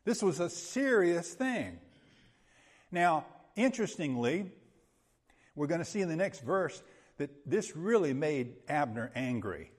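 A man's voice: on the high side, very animated, unhurried. A male pastor preaching an expository sermon in an emphatic, conversational way, often checking in with his listeners. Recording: long hall reverb.

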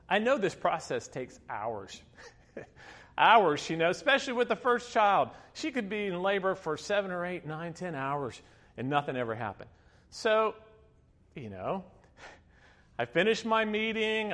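Storytelling pastor in a reverberant hall. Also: male voice, a little high, fairly bright tone. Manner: storytelling, chatty with many fillers, laughing asides. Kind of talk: sermon with personal story.

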